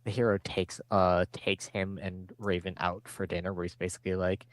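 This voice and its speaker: A man's voice: low voice, level tone, moderate pace, hardly any pauses, no echo. A man co-hosting a podcast, recapping an episode in casual chat, rambling with lots of fillers. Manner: rambling, filler-heavy, acts out quotes. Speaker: podcast co-host.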